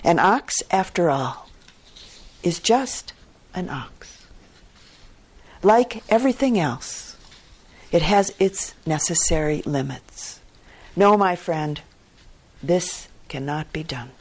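Brief: self-assured wealthy male merchant, scoffing and lecturing, lowish husky tone, played by a woman storyteller. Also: animated, slow, long pauses. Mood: scoffing, confident. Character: wealthy smug male merchant, dismissive and sure of himself.

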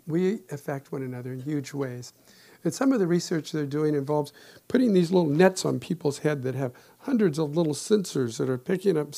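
A man in his sixties, a meditation teacher and therapist, giving a calm, reflective dharma talk with gentle humor. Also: a little high, creaky.

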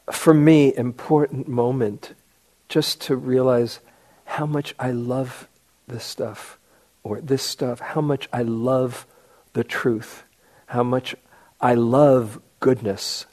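Slow-speaking man giving a dharma talk. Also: medium pitch. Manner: unhurried storytelling with gentle restarts and self-deprecating humor. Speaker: meditation teacher. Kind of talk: dharma talk to retreat students.

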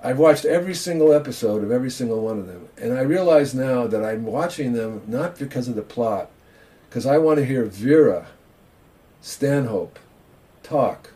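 A man's voice: medium pitch, animated, moderate pace, dark tone. An older man, a Zen teacher, giving an informal dharma talk over a video call in a chatty, self-mocking way.

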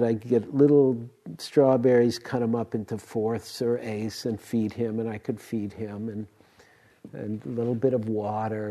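Here a meditation teacher, an older man, rambles through stories during a dharma talk, restarting sentences and laughing softly. His pitch is medium.

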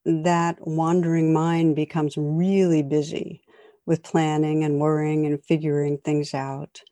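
Low, warm-voiced meditation teacher woman. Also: level tone, unhurried, no echo. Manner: gentle, conversational, with light humor. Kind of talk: dharma talk.

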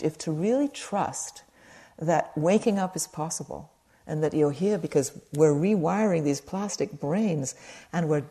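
Speaking in a deep, gravelly voice, a female meditation teacher offers a live retreat audience a soft, chatty dharma talk touched with gentle humor.

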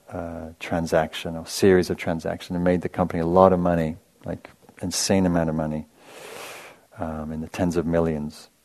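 In this meditation talk, a deep, low-voiced man tells a rambling personal story, drifting into casual asides and laughing at his own anecdotes. His dharma talk feels like a teacher musing aloud: chatty, self-amused, and conversational instead of preachy.

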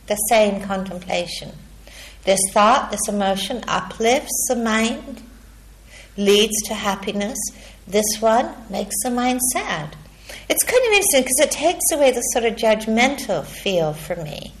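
A woman meditation teacher with a mid-range voice gives a dharma talk, measured and reflective. She pauses often and checks in with a questioning "hmm?".

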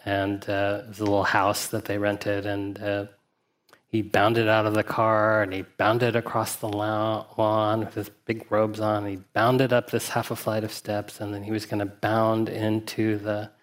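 A man, a meditation teacher, giving a dharma talk at a retreat in a reflective, anecdotal, gently humorous way. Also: fairly low pitch. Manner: reflective, unhurried asides with 'uh' and 'you know'.

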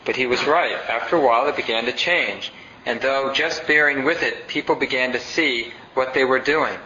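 Meditation teacher guy chatting through a dharma talk, mid pitch, roomy dull recording. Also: normal speed, pushed and bright, a little hiss or hum. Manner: conversational, reads passages aloud, asks the audience questions. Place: meditation center hall.

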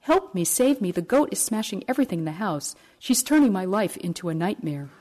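A despairing poor man pours out his complaints in a pleading, wailing voice, as a woman storyteller puts him on. The tone sits low and mellow, and it rises in sharp bursts when he begs for help. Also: expressive, normal speed. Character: desperate poor man at the end of his rope.

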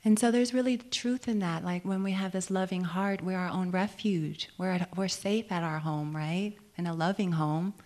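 A woman meditation teacher gives a dharma talk on retreat, her voice sitting a little low. She speaks gently and reflectively, asks many questions and laughs easily. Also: steady tone, normal speed, hardly any pauses.

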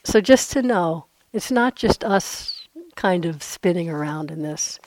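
A woman's voice: fairly low pitch, lively intonation, measured pace, darkish tone, dry recording. Earnest woman meditation teacher, dry sound. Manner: conversational, with frequent asides. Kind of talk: dharma talk on a retreat. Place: meditation retreat center.

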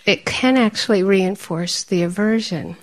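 This is a woman giving a meditation talk in a storyteller's way. She grows animated and laughs often. At times she softens to a quiet, breathy near-whisper. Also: medium pitch, a little slow. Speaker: meditation teacher. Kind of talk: dharma talk.

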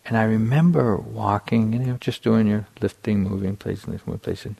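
Gravelly man telling a dharma story. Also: fairly low pitch, fairly quick. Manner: relaxed storytelling with many restarts and fillers. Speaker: meditation teacher. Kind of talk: dharma talk.

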